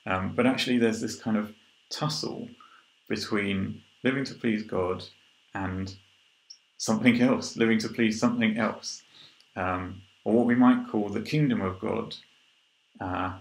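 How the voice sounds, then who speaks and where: A man giving an informal sermon. He reads scripture aloud and then explains it in a relaxed way, thinking aloud with frequent ums and restarts. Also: on the low side, gravelly. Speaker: preacher. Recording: roomy echo.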